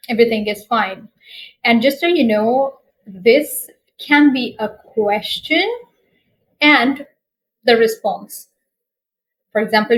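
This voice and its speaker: A woman teaching basic French expressions, saying each phrase slowly and repeating it for learners. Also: fairly high pitch, low-quality recording. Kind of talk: slow language lesson with repeated phrases.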